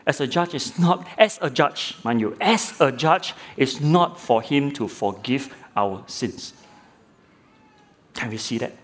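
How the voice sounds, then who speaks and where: A middle-aged male lay preacher delivering a sermon, neither high nor low in pitch. He builds his point through a courtroom story and rhetorical questions. He often stumbles and repeats a word as he starts a new phrase. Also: expressive, slow pace, fairly bright tone. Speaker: lay preacher, former judge.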